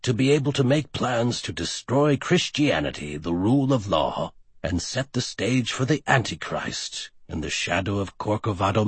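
A man voicing a calm, scheming male villain leader in an audiobook, speaking low, quiet and measured. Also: breathy edge, no echo, heavily acted. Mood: smug.

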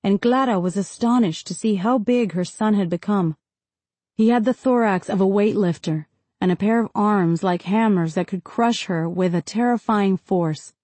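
A woman reads a literary novel as a scripted audiobook narration, calm and measured. Her warm, mellow voice sits at a middle pitch, and the recording is close and dry with no room sound.

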